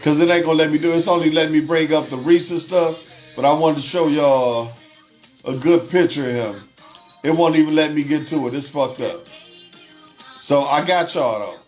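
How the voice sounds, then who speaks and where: A man's voice: a little high, normal speed, darkish tone, soft background music. A man hosting a casual livestream, reading chat aloud, swearing freely and laughing often. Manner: profane, laughs often, repeats himself.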